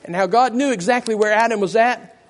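A man preaching a fervent sermon with a hoarse, worn voice, praying with a repeated "Lord" and building to shouts. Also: high-pitched, brisk. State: hoarse, losing his voice.

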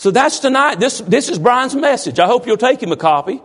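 Folksy high-voiced pastor. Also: male voice, lively intonation, a little fast, fairly bright tone, breathy edge. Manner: folksy, teasing the congregation with questions. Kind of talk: informal sermon to a congregation.

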